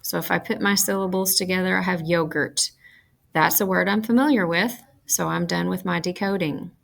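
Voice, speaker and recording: A woman teaching a phonics lesson, speaking slowly and carefully and enunciating each sound. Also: on the low side, gravelly, fairly bright tone. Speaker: reading teacher.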